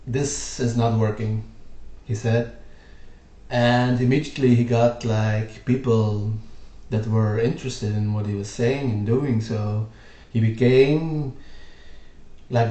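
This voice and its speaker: Slow-talking man explaining history. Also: mid-range voice, steady tone, warm tone. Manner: rambling, lots of fillers. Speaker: video host. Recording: roomy echo.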